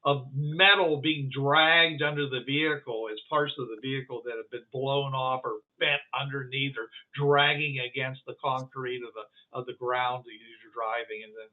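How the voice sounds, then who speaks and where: Halting male game master over a tinny line. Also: mid-range voice, steady tone. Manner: halting, full of restarts and fillers. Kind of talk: narrating a tabletop game.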